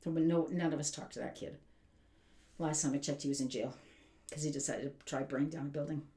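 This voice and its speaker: A woman's voice: low voice, steady tone, a little fast, dark tone. Indignant woman ranting, roomy echo. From Canada. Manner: exasperated, indignant, emphatic. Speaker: vlogger. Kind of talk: ranting commentary.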